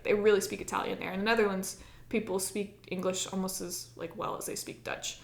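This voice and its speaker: An American woman co-hosting a podcast tells a personal story in casual chat, saying "like" constantly and acting out her own past lines. Her mid-range voice has vocal fry and a flat delivery, a little fast, in an echoey room.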